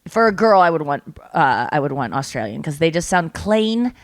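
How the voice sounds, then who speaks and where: A woman hosting a podcast in casual chat, telling animated stories and acting out other people's voices. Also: low-pitched, normal speed, no room sound. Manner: animated storyteller, acts out voices. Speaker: podcast host.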